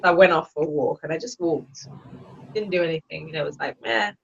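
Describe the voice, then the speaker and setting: A woman's voice: low voice, fast talker, creaky. A woman guest on a podcast, telling a personal story in casual talk and acting out her past self. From England. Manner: animated, acts out her own past voices. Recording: dull lo-fi with faint noise.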